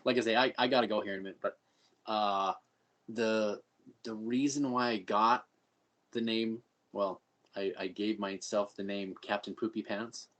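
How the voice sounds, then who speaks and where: A man's voice: on the low side, steady tone, normal speed, fairly bright tone. A middle-aged man as a podcast guest, upbeat and laughing often as he tells stories. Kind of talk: casual chat.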